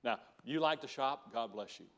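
An older man in his seventies preaches in a folksy, joking way. He tells animated stories, and his voice swings from low, quiet asides up to high, loud bursts. His pitch sits in the middle for a man. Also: moderate pace. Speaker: pastor. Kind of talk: sermon.

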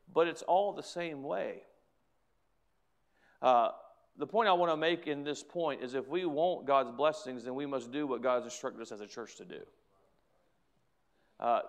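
Pastor preaching with rising fervor. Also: male voice, medium pitch. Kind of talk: sermon.

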